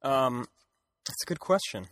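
A man's voice: mid-range voice, very animated, measured pace, a bit bright, no echo, clean studio sound. A man co-hosting a podcast, recapping a comic with a laugh and acting out quotes. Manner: laughing, playful, acts out quotes. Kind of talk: casual comedic chat.

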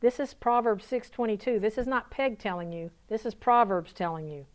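Southern US woman pastor, smooth clear voice, folksy sermon delivery with bursts of excitement. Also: a little high, normal speed. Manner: folksy, laughing, rising to excited call-and-response. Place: church conference hall.

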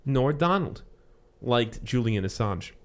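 A man's voice: mid-range voice, expressive, slow. A man hosting a casual podcast chat, rambling with asides and restarts. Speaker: podcast host.

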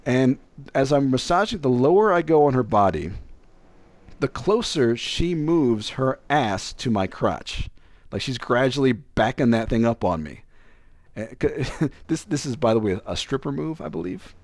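A young man spins a casual personal story, his pitch leaping around as he acts out the other people in it. The sound is dry and close, with no room around him. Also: sing-song, measured pace, darkish tone, no room sound.

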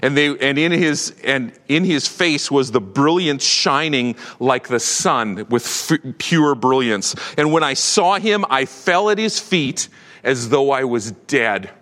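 A man preaching a sermon with animated delivery, swinging from loud proclamation to hushed tones. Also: medium pitch, slow, in a large hall. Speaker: pastor.

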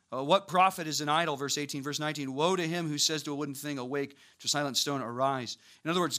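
A man preaching a sermon, walking through scripture with lively, casual asides and acted-out voices. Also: mid-range voice. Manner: animated, acts out voices of biblical figures with casual asides.

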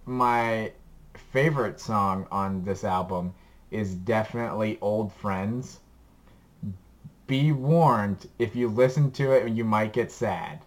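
Slow and on the low side, this man's voice carries a casual podcast chat in which he rambles and laughs while enthusiastically recommending music he enjoys as a co-host.

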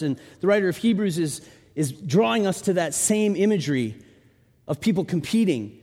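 A man preaching a sermon with animated storytelling, his voice rising into shouts when he acts out the people in the story. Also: high-pitched. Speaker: pastor. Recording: long hall reverb.

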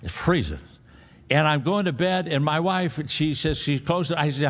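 A man's voice: a little high, normal speed. A male pastor preaching a sermon, telling a folksy personal story and then pressing his point with emphatic exhortation.

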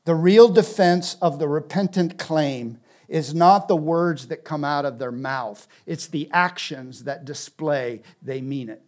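A man preaching a sermon in an earnest, emphatic way, building on repeated phrases and dropping to a soft, intense tone. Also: on the high side, measured pace, hardly any pauses.

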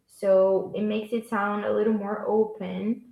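Gravelly-voiced woman teaching pronunciation. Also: mid-range voice, level tone, mellow. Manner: patient, repeats words slowly for practice. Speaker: Portuguese teacher. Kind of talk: language lesson. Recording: echoey room.

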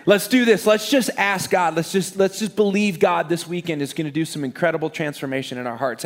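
A man, a pastor preaching to a live church congregation, joking and lively with the crowd and turning quiet and earnest when he prays. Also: fairly high pitch, fairly quick, few pauses. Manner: energetic, joking crowd warm-up, then quiet earnest prayer. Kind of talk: sermon.

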